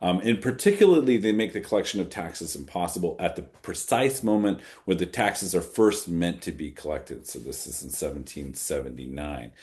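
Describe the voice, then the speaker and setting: A man with a very low, deep voice speaks as an author fielding audience questions. He thinks aloud, circling back and repeating phrases to stress a point. The tone is a loose, conversational question-and-answer. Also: expressive, moderate pace, few pauses, warm tone. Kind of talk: conversational Q&A at a fireside chat.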